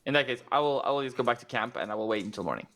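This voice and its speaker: A man's voice: medium pitch, expressive, rapid-fire, fairly bright tone. A man playing a tabletop role-playing game, talking his character through in a chatty, hesitant way. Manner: chatty, hesitant, many fillers. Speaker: player.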